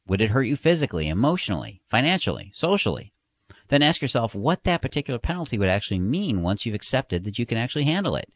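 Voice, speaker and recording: A man's voice: mid-range voice, no echo. A man reading scripted dating advice in an emphatic, direct, motivational way. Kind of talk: scripted instructional narration.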